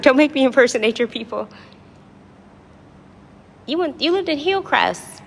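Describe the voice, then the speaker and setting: A woman's voice: sits high, lively intonation, a little slow, gravelly, long pauses, slight background noise. A woman from Washington, D.C. with a D.C. accent, rambling and joking with viewers in a casual livestream chat. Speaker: livestream host. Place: apartment lobby.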